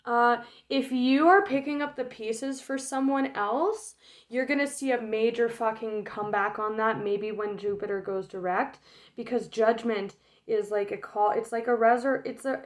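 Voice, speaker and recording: A woman giving a casual tarot reading, frank and emotional, swearing freely, laughing often and filling pauses with um and like. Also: a little high. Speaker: tarot reader.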